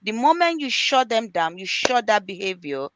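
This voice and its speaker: A middle-aged woman who works as an early years practitioner speaks earnestly as a panel guest, offering parenting advice, repeating her key points and acting out conversations with children. Her voice is a little high with big swings in pitch, her pace is normal, and there is background noise.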